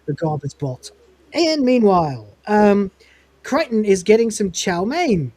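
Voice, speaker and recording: A woman hosting a podcast recaps an episode in loose, rambling chat, with swearing and laughs along the way. Her voice is husky and sits at an average pitch. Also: sing-song, a little slow, mellow. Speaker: podcast host. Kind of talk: casual chat recapping a show.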